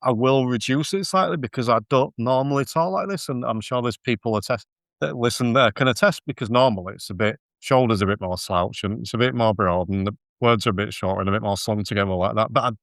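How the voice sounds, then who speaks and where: A man with a Yorkshire accent hosts a podcast in an easygoing, self-deprecating way and laughs often. His pitch is mid-range and the recording is dry. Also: quick pace, fairly bright tone, no echo. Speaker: podcast host. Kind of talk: casual chat.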